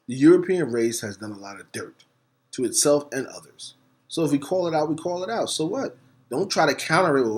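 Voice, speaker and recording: Speaking at medium pitch, the male host of a talk segment delivers a fervent monologue that sounds like preaching. He spells out certain words letter by letter and varies his pace between rapid runs and slow, emphatic words.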